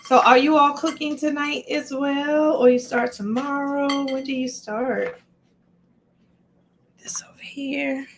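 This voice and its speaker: A woman's voice: high voice, fairly even intonation, measured pace, slight background noise. Chatty woman cooking live in her kitchen. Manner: chatty, greets viewers by name mid-task. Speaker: livestream cooking host. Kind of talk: casual live cooking demo. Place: home kitchen.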